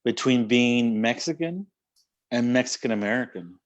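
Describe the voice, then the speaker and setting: A man with a South Texas accent co-hosts a casual conversation, asking easygoing questions. His voice sits at a middle pitch, and the recording sounds a bit dull and muffled. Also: moderate pace. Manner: relaxed interviewer, short backchannel replies.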